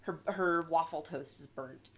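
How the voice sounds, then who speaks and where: A woman in her thirties co-hosting a podcast, retelling film scenes in a casual, animated way with lots of fillers. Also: low-pitched, measured pace, slight background noise. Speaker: podcast co-host. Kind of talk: casual chat.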